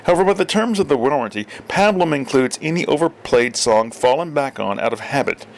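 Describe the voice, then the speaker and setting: A man's voice: mid-range voice, lively intonation, fairly quick, vocal fry, slight background noise, voice pushed up. A man voicing a smug, mocking man who lectures the others. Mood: lecturing. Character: smug, mocking adult man, guarding an oven.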